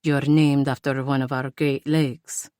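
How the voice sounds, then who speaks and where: A woman voicing a smooth, charming male stranger with a deep voice and a heavy Italian accent. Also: flat delivery, measured pace, warm tone, no echo, studio quality. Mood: flirtatious.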